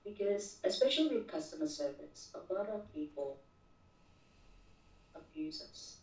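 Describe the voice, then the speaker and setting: A woman's voice: deep voice, lively intonation, measured pace, a little mellow. A woman as an interview guest, telling a work story in casual talk and often repeating words as she starts sentences. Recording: roomy echo, distant mic.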